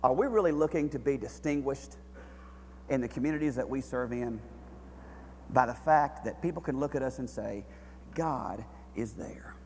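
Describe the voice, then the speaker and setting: A man preaching a sermon with passion, swinging between hushed, quiet passages and near-shouted, fervent ones. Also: medium pitch, moderate pace, big-room sound, a little hiss or hum.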